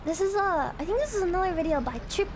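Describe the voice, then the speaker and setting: A woman's voice: very high-pitched, lively intonation, fast talker, music in the background. A woman streamer in a casual chat, rambling and giggly, swearing freely.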